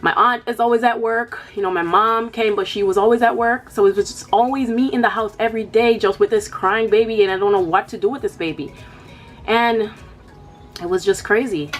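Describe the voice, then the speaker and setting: A young woman chats candidly to her viewers in a loose, everyday way, peppering her talk with "like" and "you know". Her pitch sits in an ordinary middle range for a woman. Soft music plays faintly underneath. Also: fairly quick. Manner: casual, frank, heavy use of "like" and "you know". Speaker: vlogger. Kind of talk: candid personal chat.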